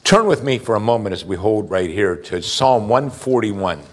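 A man's voice: on the low side, sing-song, normal speed. A man preaching a sermon as pastor, putting direct questions to his listeners with emphasis.

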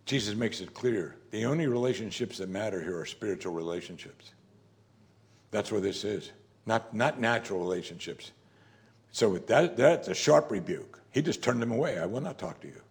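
A man's voice: on the low side, normal speed. A man delivering a sermon to his congregation in an easy, conversational manner. He keeps firing rhetorical questions at his listeners and slips into character when he quotes scripture. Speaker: pastor.

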